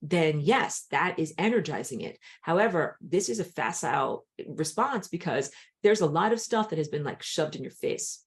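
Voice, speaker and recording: A woman with a dry throat teaching an online spiritual class, talking in an animated way and jumping high when she acts out a crying child. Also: normal speed. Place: outdoors on a hot day.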